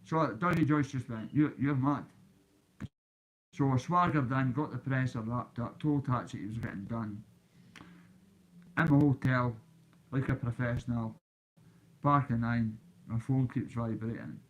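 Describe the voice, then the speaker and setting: A man's voice: mid-range voice, a little slow, pauses often, poor audio. A Scottish man with a Glasgow accent, a YouTuber telling a boastful story straight into his phone and talking to the kids watching. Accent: Scottish, Glaswegian. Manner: boastful, swaggering, addresses kids directly. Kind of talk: casual vlog storytelling.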